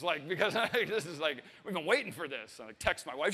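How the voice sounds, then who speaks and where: This is a man in his thirties telling a comic story at a live event, with a high voice that swings wide in pitch. He swears freely and acts out the people in it. A long reverb trails after his words, as in a big hall. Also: brisk. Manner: animated, swearing, acting out voices and laughing. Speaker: storyteller on stage. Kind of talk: comic personal anecdote to a live audience.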